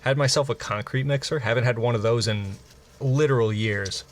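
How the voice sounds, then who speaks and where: A man co-hosting a casual podcast, with relaxed, slangy banter. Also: mid-range voice, normal speed, a little hiss or hum. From Midwestern US. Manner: laid-back slangy banter, says bro and dude. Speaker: podcast co-host. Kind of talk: casual chat.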